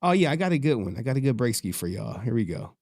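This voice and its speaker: Speaking quickly in a sing-song, gravelly, somewhat mellow mid-range voice, a male livestream host chats casually with viewers. He reads their messages out loud, cursing freely and turning emotional. The sound is dry and studio-clean.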